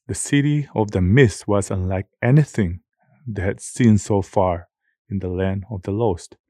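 A man narrating a children's storybook in a measured, steady way. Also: on the low side, no echo, clean studio sound. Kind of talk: scripted audiobook narration.

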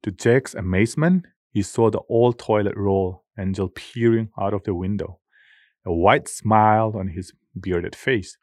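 A man with a fairly low voice narrates a storybook in a measured, expressive way. The recording is close and dry, with no room sound. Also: dry recording. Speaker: audiobook narrator. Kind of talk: scripted narration.

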